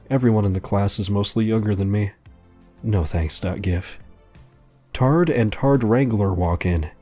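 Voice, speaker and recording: A man with a fairly low voice tells a story in a dry, deadpan narration. Faint music plays quietly behind him.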